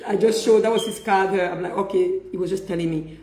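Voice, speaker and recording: A middle-aged woman telling a personal story in a casual faith-based chat, animated and often laughing as she quotes herself. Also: medium pitch, fast talker, few pauses. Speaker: host. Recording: echoey room.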